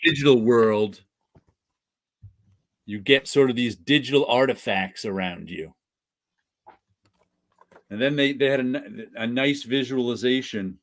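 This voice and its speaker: A man's voice: medium pitch, measured pace, long pauses, no room sound. A man hosting a casual podcast chat about comics, talkative, laughing often and teasing his guests. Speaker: podcast host.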